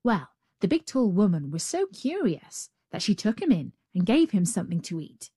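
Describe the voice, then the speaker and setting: A woman reading a fairy tale aloud, slow and rhythmic, building up her repetitions. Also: medium pitch, very animated, warm tone, slightly rough, no echo, studio quality. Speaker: storyteller.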